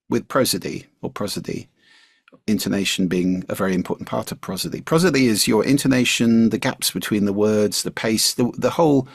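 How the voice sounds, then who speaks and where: A man's voice: gravelly, breathy edge, no echo, clean studio sound. A man speaking as a guest voice coach on a podcast, explaining points expressively and demonstrating intonation as he goes. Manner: demonstrative, varies pitch widely to illustrate. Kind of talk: podcast interview.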